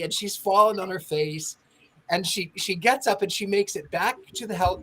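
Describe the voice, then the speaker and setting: A woman telling a lively story in casual panel chat, acting out the people she quotes. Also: on the low side, a little hiss or hum. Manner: animated storyteller who acts out quoted voices. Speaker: podcast panelist telling an anecdote.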